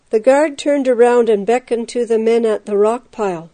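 A woman narrating a story aloud in a steady, expressive storytelling manner. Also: on the high side, normal speed, few pauses. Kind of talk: storybook reading.

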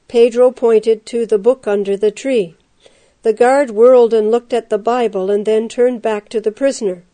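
A woman narrating a story aloud in a steady, expressive storytelling manner. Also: fairly high pitch, normal speed. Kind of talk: storybook reading.

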